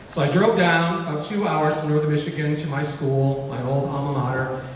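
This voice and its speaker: A man giving a keynote speech, telling a story and acting out its dialogue in an animated way in a large auditorium. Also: fairly high pitch, fairly quick, a little hiss or hum. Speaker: keynote speaker. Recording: echoey hall recorded from far off.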